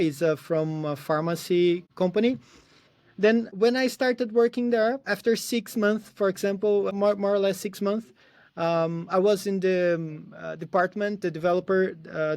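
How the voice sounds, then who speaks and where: A man's voice: sits high, normal speed, darkish tone. A man in his thirties from Brazil with a Brazilian Portuguese accent, a podcast guest telling stories casually over a video call, hesitant and full of fillers. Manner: hesitant, with frequent restarts and fillers. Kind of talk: casual storytelling.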